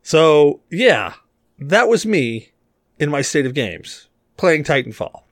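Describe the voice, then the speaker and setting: A man co-hosting a gaming podcast in casual chat, animated and joking. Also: no room sound. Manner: animated, joking, quick swings in pitch. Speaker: podcast co-host.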